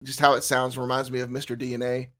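A man with a Southern US accent co-hosts a relaxed podcast chat in a mid-range voice. He talks in an animated way, laughs often and restarts his sentences as he goes. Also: medium pitch, fast. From south Alabama. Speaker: podcast co-host. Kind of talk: casual chat.

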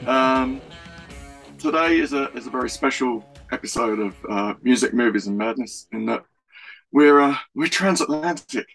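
A London-born man hosts a casual music podcast over a video call from his home in Surrey, rambling along with many ums. His voice is medium-pitched and a bit bright, at a moderate pace, on a rough recording.

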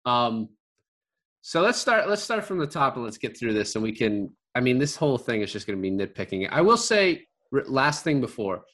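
A man in a relaxed movie review chat. He rambles, restarts his sentences and fills the gaps with ums and likes. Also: medium pitch, moderate pace. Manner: rambling, many fillers and restarts, laughs often. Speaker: podcast co-host.

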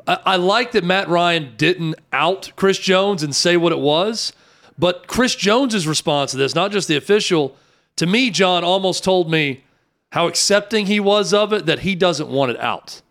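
A man with a fairly high voice hosts a football talk show. He asks his guest long, winding questions and adds his own take along the way. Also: unhurried, fairly bright tone. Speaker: sports talk show host. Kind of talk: sports talk radio interview.

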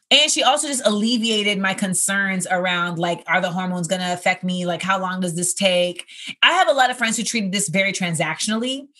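A woman in her thirties, a comedian hosting a podcast, chats casually in a rambling, conversational way packed with fillers. Her voice is mid-range with a sharp tone.

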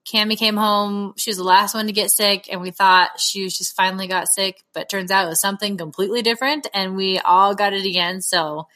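Bright-voiced woman podcast co-host. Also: mid-range voice, fairly even intonation, fairly quick, hardly any pauses. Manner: laughs often, chatty. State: lingering cough. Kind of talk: casual chat.

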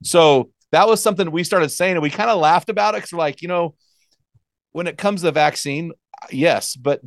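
A man's voice: a little high, no room sound, studio quality. A middle-aged man hosting a talk show, chatting in a conversational, emphatic way. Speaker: host. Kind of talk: casual talk show chat.

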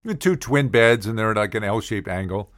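An older man spinning humorous stories about his college years, his voice rising and falling in lively swings. The delivery is wry and self-mocking, recorded close and dry with no room echo. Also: fairly low pitch, normal speed. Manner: wry, self-deprecating, animated. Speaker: comedic storyteller. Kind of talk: humorous personal storytelling.

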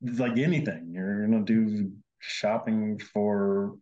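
A man with a low, mellow voice recalls his story in an easygoing, chatty way, often acting out what he said back then. The recording sounds a bit dull and muffled. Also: fairly even intonation, slow pace. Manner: chatty, quotes himself often, many fillers. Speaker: guest, host's husband. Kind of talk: casual conversational storytelling.

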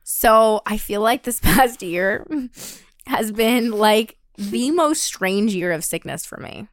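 A woman's voice: medium pitch, slow pace, no echo. A woman co-hosting a podcast, chatting casually, swearing and filling her talk with "like". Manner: swearing, frequent "like", animated. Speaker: podcast co-host. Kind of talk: casual chat.

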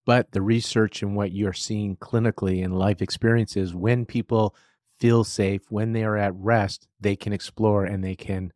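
Middle-aged male podcast host, lowish pitch, dry recording, anecdotal and relaxed. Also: moderate pace, no room sound. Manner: chatty, storytelling, laughs often. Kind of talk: conversational interview.

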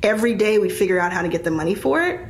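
A woman's voice: medium pitch, lively intonation, very fast, a little hiss or hum. A woman in her forties, an investor guest, telling her story in a candid, reflective way. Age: 40s. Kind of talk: casual interview storytelling.

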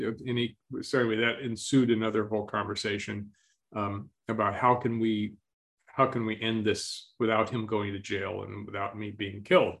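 A man telling a story as an interview guest, speaking slowly and calmly and clearing his throat often. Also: fairly low pitch.

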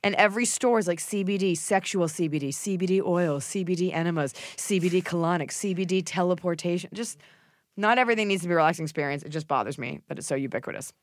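A woman's voice: on the low side, fast, dry recording, studio quality. A woman hosting a podcast in casual chat, blunt and opinionated, swearing freely and mimicking people in silly voices. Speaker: podcast host.

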